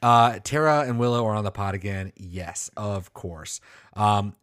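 A man's voice: on the low side, measured pace, fairly bright tone, dry recording, studio quality. A man co-hosting a podcast in casual chat, rambling and joking, swearing freely. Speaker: podcast co-host.

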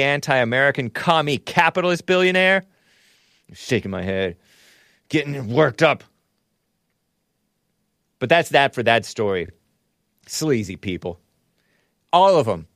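A man's voice: mid-range voice, no echo, studio quality. A man hosting a talk show, delivering a sarcastic, rambling monologue full of mocking asides, spelling out names and stumbling over pronunciations. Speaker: host.

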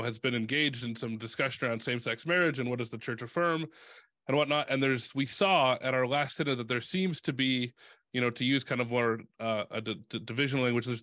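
A young male host speaks in a halting, thinking-aloud way, restarting phrases as he works toward his question. His voice is recorded dry and close, with no room sound. His pitch sits in the middle of the usual male range. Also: a bit bright, dry recording. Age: young adult. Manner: halting, many fillers and restarts. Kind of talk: conversational interview.

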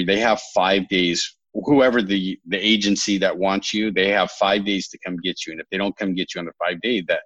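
A man in his thirties with a very low voice, recounting his past in a rambling, candid way, stopping to correct himself and adding wry asides. The recording is dry, with a slightly muffled, dull tone. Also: fairly bright tone, no echo. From California. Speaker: podcast guest. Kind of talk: candid storytelling interview.

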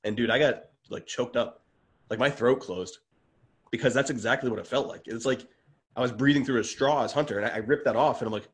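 A man's voice: mid-range voice, brisk, husky. A man talking as a podcast guest in casual conversation, earnest and open, often restarting his sentences and getting worked up as he goes.

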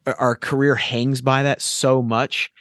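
A man's voice: medium pitch, flat delivery, unhurried, fairly bright tone, dry recording, studio quality. A man hosting a podcast as a fellow comic artist, talking emphatically and bluntly, with frequent swearing. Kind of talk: casual podcast chat.

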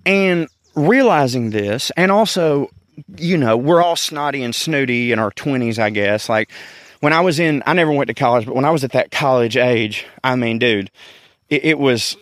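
A man's voice: mid-range voice, moderate pace, no echo, studio quality. A man with a Southern US accent, a podcast host talking in a rambling, candid monologue and swearing casually, recorded outdoors in a park.

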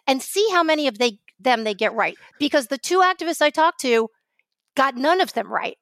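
Woman co-host from New York, high voice, dry studio sound, animated storyteller. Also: no echo. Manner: animated storytelling, quick rants. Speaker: podcast co-host. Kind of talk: casual chat.

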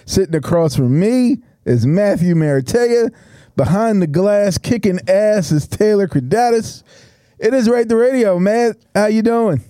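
A man's voice: high-pitched, unhurried, no echo. A man hosting a casual podcast, telling crude stories with lots of laughs. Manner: crude, laughing, animated storyteller. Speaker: podcast host. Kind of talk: casual sports podcast banter, storytelling.

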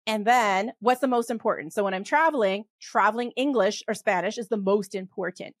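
Fast-talking Western Canadian woman, dry sound. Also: mid-range voice, no room sound. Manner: fast, animated, laughs often, many restarts. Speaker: podcast guest. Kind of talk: casual interview talk.

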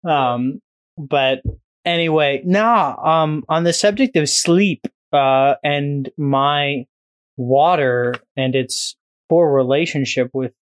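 A man's voice: fairly high pitch, slow, no room sound, muffled recording. A man on a podcast, chatting casually in a rambling, profane, joking way. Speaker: podcast guest.

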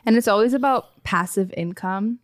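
A woman co-hosting a podcast in casual chat, measured and critical, with lots of fillers. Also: medium pitch. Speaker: podcast co-host.

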